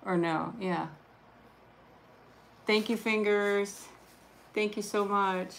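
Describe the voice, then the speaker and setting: A woman hosting a casual live stream, chatting warmly and gushing, thanking viewers one by one. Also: mid-range voice, steady tone, slow pace, gravelly, a little hiss or hum. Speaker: livestream host showing handmade junk journals.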